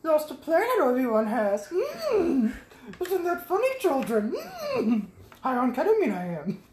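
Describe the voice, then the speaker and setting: A man's voice: extremely high pitch, wildly swooping pitch, unhurried, crowd noise, voice pushed up, heavily acted. A man voicing a tiny, wise old alien master who hums and inverts his word order. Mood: giggly. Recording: echoey room.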